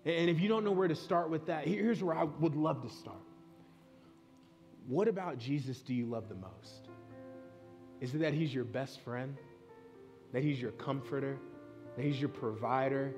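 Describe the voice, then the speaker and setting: A man's voice: medium pitch, moderate pace, pauses often, a little mellow, faint music behind. A man in his thirties, a pastor preaching a sermon in a church, speaking in an earnest, conversational way and weaving in personal stories. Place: church sanctuary.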